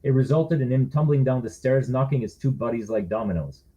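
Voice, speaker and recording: A man's voice: mid-range voice, fairly quick, mellow, low-quality recording. A man, the author, reading his own thriller aloud in a wry, conversational first-person narration.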